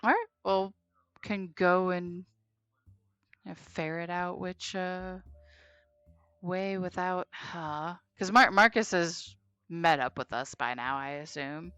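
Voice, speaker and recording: A woman playing a tabletop game, speaking haltingly with many hesitations. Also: fairly low pitch, fairly bright tone, clear, resonant tone, no echo. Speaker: player. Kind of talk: tabletop role-play chat.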